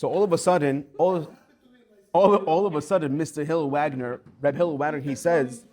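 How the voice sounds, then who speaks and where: A man, a rabbi giving a Torah class, telling a story with lively acted-out quotes. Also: a little high, moderate pace.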